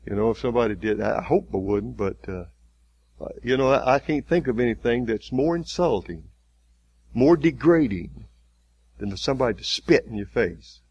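A man preaching a sermon, retelling a story vividly with halting restarts. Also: medium pitch, expressive, darkish tone, slightly rough, muffled recording.

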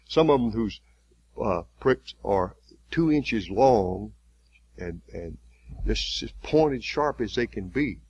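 A man preaching a sermon, retelling a story vividly with halting restarts. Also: mid-range voice, slightly rough, lo-fi sound.

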